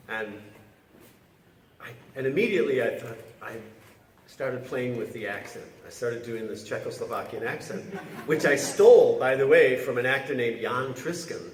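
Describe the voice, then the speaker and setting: A male actor talks through a panel story in a relaxed, rambling way, starting over often. His voice rings around a large hall and is picked up from far off with faint room ambience. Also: mid-range voice, a little hiss or hum. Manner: chatty, halting with restarts and laughs. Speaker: actor guest on a convention panel. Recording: roomy hall audio taped from far off.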